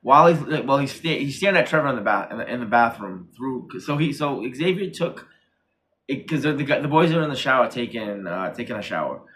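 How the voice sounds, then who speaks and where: A man's voice: medium pitch, expressive, brisk, a bit bright. A man co-hosting a casual horror review chat, rambling and repeating himself as he acts out quotes from the show. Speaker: podcast co-host.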